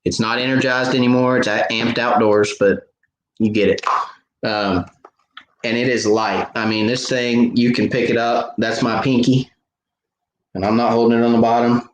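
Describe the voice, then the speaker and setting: A man's voice: medium pitch, flat delivery, moderate pace, reverberant, slight background noise, poor audio. A man hosting a live fishing Q&A, chatting casually and retelling stories with many fillers and restarts. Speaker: fishing show host answering viewer questions.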